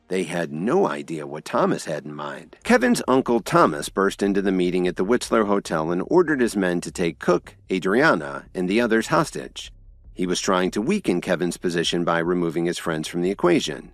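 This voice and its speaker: A man narrating a scripted audio drama with expressive storytelling. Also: deep voice, moderate pace, no room sound, studio quality.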